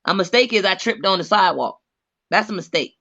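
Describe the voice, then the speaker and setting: A man's voice: high voice, animated, fairly quick, vocal fry, pushed and bright, muffled recording. A man in casual chat, talking in a blunt, emphatic, lecturing way. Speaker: co-host.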